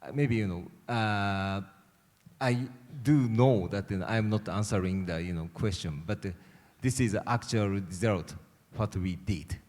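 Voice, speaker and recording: Speaking a little slowly, a male government official with a low, somewhat mellow voice responds to a panel question. The conference hall is reverberant, and his delivery is hesitant and full of fillers as he searches for words.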